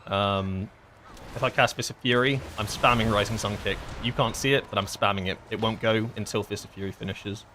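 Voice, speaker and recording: A man's voice: lowish voice, steady tone, fairly quick, bright, forceful tone, slight background noise. A man streaming a game and explaining mechanics in a casual, rambling way with lots of fillers. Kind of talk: casual gameplay commentary.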